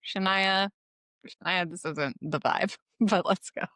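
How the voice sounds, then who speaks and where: A woman co-hosting a podcast recaps a comic chapter summary irreverently, swearing and often laughing through tears as she nearly cries. Her voice is on the low side and fairly bright, and she takes her time. The recording has no echo.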